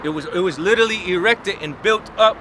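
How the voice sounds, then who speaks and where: A man's voice: sits high, fast talker. A man teaching on the street in an emphatic, slangy, mocking manner. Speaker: street preacher. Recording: outdoor recording with loud traffic noise.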